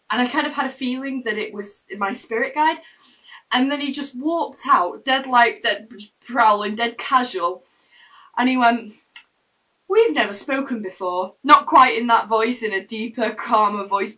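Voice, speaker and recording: A woman's voice: on the high side, bright, forceful tone, distant mic, poor audio. A young woman telling a personal story to camera in her room, in a chatty, rambling way with frequent restarts. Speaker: vlogger. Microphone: camera mic.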